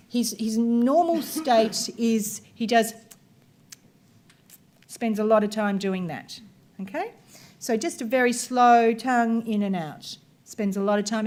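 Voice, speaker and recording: A woman's voice: on the high side, darkish tone. Woman researcher explaining a workshop. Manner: conversational, explanatory, talks through clips. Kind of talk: conference presentation with video examples.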